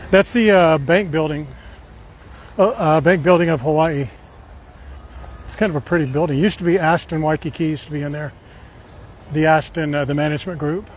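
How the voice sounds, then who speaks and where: This man's fairly high voice stays fairly even as he walks city streets on a live stream, chatting at a moderate pace and pausing often. He rambles casually through stories padded with fillers, with faint outdoor street noise around him.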